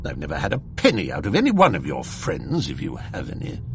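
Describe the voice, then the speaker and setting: A man's voice: low-pitched, huge pitch swings, fairly quick, creaky, noisy background, voice pushed down, full character voice. A man voicing a stern, irritable older employer who scolds his clerk in curt, pompous speech. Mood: angry.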